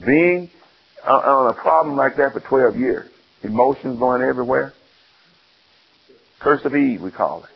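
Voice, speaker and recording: A male preacher giving an animated sermon, acting out the scenes and putting questions to his listeners. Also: medium pitch, measured pace, creaky, pauses often, breathy edge, lo-fi sound.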